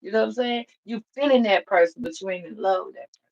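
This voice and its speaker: A woman's voice: medium pitch, fast, dull audio. Profane, blunt woman giving a casual reading. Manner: profane, blunt and animated, laughs often. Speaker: tarot reader. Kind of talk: casual spiritual reading monologue.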